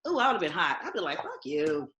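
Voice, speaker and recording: A woman's voice: lowish voice, rapid-fire, echoey room, heavy background noise. A woman co-hosting a casual recap podcast, talking animatedly, acting out what she would say and laughing often. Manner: animated, acts out quotes, frequent laughter. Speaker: podcast co-host.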